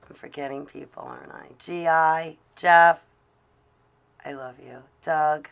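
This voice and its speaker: A woman's voice: low voice, fairly even intonation, unhurried, vocal fry, clean tone, lo-fi sound. A woman live-streaming to her chat from her car while driving, talking casually and sarcastically in a ranting way.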